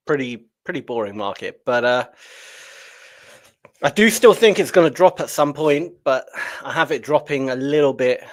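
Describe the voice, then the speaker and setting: A relaxed man chatting about trades on a live stream. He talks over a remote call mic, loose and easygoing, and laughs easily. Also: mid-range voice, normal speed. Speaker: trading coach. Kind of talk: casual live-stream chat.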